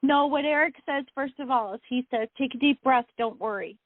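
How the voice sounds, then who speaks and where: A woman medium relays messages to callers in a soothing, reassuring way, pausing often with fillers. Her voice is fairly high. The line is dry and tinny, like a phone call. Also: no room sound. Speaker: medium, co-host.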